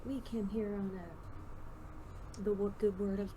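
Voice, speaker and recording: A woman's voice: medium pitch, steady tone, slow, dark tone, husky, rough recording. A woman as a wary adventurer. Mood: guarded. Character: wary adult adventurer negotiating a deal.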